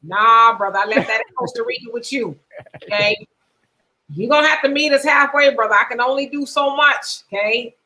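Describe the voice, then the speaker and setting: A middle-aged woman hosts a casual livestream, reading out viewer comments and tossing in quick asides and frequent laughter. Her voice sits a little high and rings bright and forward. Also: low-quality recording. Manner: laughs often, reads comments aloud with asides. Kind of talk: casual chat.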